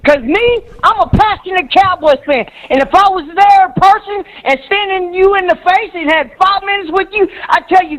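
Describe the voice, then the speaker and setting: A woman calling into a sports talk show, ranting in a fired-up way and shouting for emphasis. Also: very high voice, moderate pace, hardly any pauses, rough recording. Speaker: caller. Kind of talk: heated call-in rant.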